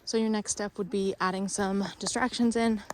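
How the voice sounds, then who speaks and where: An out-of-breath woman explains dog training step by step as she walks outside, in a steady, practical voice of middling pitch. Her sentences trail into fillers and restarts. A faint hiss stays under the voice. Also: moderate pace. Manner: explains while walking, breaks off to praise the dog in a high voice. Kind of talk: instructional training walk-through. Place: outdoors on a walk with a dog.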